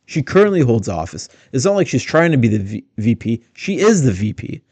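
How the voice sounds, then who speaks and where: A man's voice: medium pitch, big pitch swings, a little fast, a little mellow, no room sound. A man giving blunt, critical casual commentary on interview clips. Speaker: political commentator.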